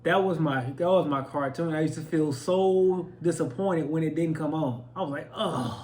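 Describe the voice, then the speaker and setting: A man's voice: on the high side, moderate pace, darkish tone. A man co-hosting a casual comedy chat, playful and emphatic, laughing easily. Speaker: podcast co-host.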